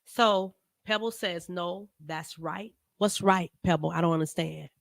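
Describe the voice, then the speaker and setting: A woman host chatting on a live stream with a low, gravelly voice, talking slowly and earnestly to her viewers by name. The sound is dry and close, with no room around it. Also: dry recording. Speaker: talk show host. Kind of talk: casual live-stream commentary.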